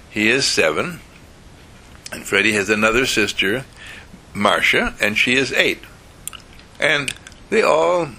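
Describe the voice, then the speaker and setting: Slow lively storyteller, man, gravelly and husky, bedtime tale. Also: on the low side. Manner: slow, animated, chuckling storytelling.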